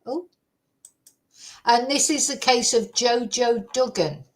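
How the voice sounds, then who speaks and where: A woman's voice: on the high side, takes it slowly, low-quality recording. A woman hosting a true crime chat, ranting indignantly and swearing freely as she talks from her computer at home. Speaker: true crime channel host. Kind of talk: casual chat.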